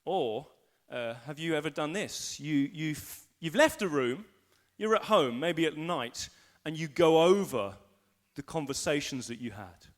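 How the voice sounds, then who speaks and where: Animated man preaching a live sermon. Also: a little high, unhurried. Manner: animated preaching, acting out inner voices and anxious thoughts. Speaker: senior pastor. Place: school hall used for a church service.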